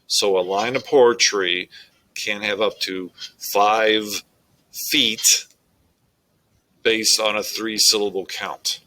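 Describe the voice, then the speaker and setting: A man, teaching a recorded lesson on poetic meter in a slow, deliberate way with frequent fillers. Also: on the low side, steady tone, sharp tone, low-quality recording.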